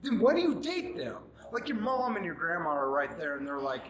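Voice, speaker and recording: A man in his forties ranting at the camera, angry and mocking, often shouting. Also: a little high, big pitch swings, a little fast, few pauses, reverberant, crowd noise, poor audio. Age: 40s.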